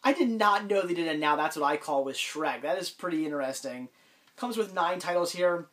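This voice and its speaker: A man's voice: on the high side, lively intonation, a little fast, a bit bright. A man talking casually in a vlog about his haul, congested with a cold, rambling with frequent ums and restarts. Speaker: collector vlogger.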